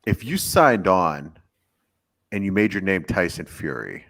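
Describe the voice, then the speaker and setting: Playful male co-host, very low voice, casual chat. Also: very animated, a little slow, fairly bright tone. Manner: playful, joking questions. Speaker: podcast co-host.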